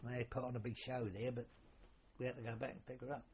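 A man's voice: mid-range voice, level tone, fast talker, darkish tone, slight background noise. An older man, reminiscing casually about his years as a sailor, in a rambling, colloquial way with mild swearing. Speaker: interviewee, former royal yacht sailor. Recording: lo-fi dull recording.

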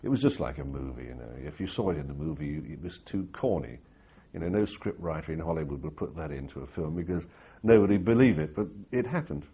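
Older male interviewee, anecdotal storyteller; deep, husky voice on a slightly dull recording. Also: lively intonation, fast, few pauses. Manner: anecdotal, rambling with restarts and fillers. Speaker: interviewee recalling war reporting.

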